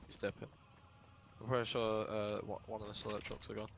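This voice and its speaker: A man's voice: lowish voice, little pitch movement, a little fast, creaky, slight background noise. A man making laid-back callouts while playing a game with friends. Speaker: gamer. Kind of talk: casual gaming chat.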